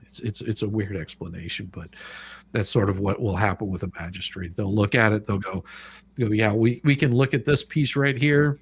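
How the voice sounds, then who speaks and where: A man's voice: on the low side, normal speed, vocal fry, a little hiss or hum. A man in casual chat explaining how a court process works, stumbling and repeating words as he goes.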